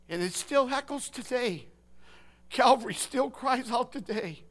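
An older man preaching a sermon, impassioned, swinging from hushed words to shouting. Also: very high-pitched, expressive, fairly quick.

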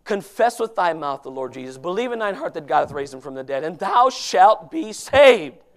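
A man preaching a sermon with fervour, moving between loud shouting and hushed pleading, quoting scripture in old-fashioned wording. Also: a little high, lively intonation, fast.

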